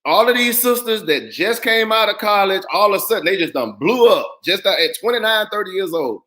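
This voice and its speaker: High-voiced man hosting a heated debate. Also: lively intonation, fairly quick, bright, forceful tone. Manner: interrupts, repeats himself, insists on being heard. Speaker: host.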